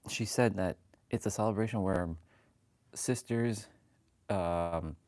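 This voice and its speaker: Hosting a live workout stream, this man calls out his exercise reps and talks with viewers in a friendly way, calling them "brother." He speaks slowly, with a fairly low pitch and darkish tone.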